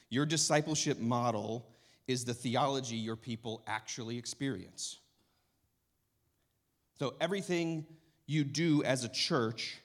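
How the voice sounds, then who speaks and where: Man, teaching talk, church leaders, emphatic, urgent, average pitch. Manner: emphatic, builds to urgent intensity.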